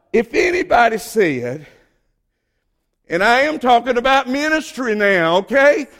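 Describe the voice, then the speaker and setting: A man's voice: very high-pitched, fairly bright tone. A man with a Southern accent preaching a sermon as a pastor, folksy and fervent, stretching out words at his emphatic peaks. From Southern United States.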